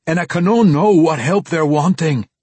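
A man's voice: on the high side, moderate pace, darkish tone, husky, dry recording, pitched above the performer's own voice. Man putting on a shaken old dwarf. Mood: frightened, bewildered. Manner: broken grammar, shaky and breathless. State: gasping, shaken. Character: frightened old male dwarf with a gruff brogue.

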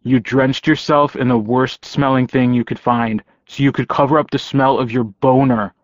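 A man's voice: medium pitch, steady tone, moderate pace, no room sound, muffled recording, natural voice. A man voicing a teasing, amused young werewolf man in an audiobook, easy and mocking. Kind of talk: audiobook character voice.

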